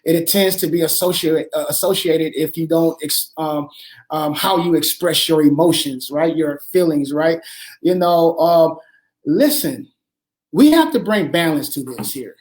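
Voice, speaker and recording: A man's voice: fairly high pitch, a little slow, darkish tone. A man hosting an earnest advice talk, speaking emphatically and repeating his phrases, with plenty of fillers.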